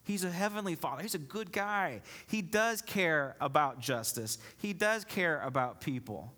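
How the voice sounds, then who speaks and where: A man's voice: fairly high pitch, animated, normal speed, pushed and bright. A male pastor preaching a sermon, reading scripture aloud and explaining it with rhetorical questions to the congregation. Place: church.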